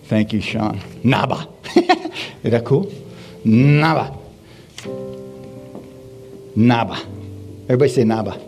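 Male pastor, middle-pitched voice, animated sermon delivery with audience call-and-response, light music bed. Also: slow pace, vocal fry, pauses often. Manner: animated preaching with call-and-response, repeated "Hallelujah". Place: church service. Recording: faint music behind.

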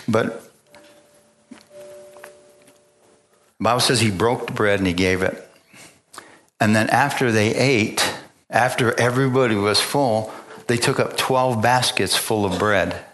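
A man's voice: lowish voice, a bit bright. A man preaching a sermon, retelling the story in a loose, conversational way, acting out the dialogue and often stopping to restart his sentences. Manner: casual retelling with acted-out dialogue. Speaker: pastor.

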